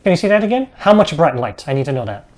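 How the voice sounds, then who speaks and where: A man's voice: fairly high pitch, big pitch swings, fast talker. A man running a streamed tabletop game as game master, talking casually with lots of fillers and hesitations.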